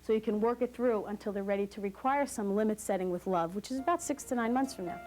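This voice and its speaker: A woman leading a postpartum class for new parents, talking in an animated way, acting out quoted voices and laughing often. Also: medium pitch, quick pace, faint music behind. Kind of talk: lively educational talk to new parents. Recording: hissy 1980s VHS recording.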